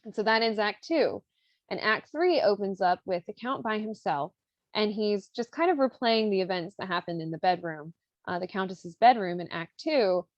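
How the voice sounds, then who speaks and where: Casual podcast host, woman, swears freely, mid pitch, dull dry recording. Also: expressive, moderate pace, no room sound. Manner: loose and profane, peppered with "like". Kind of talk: casual chat retelling an opera plot.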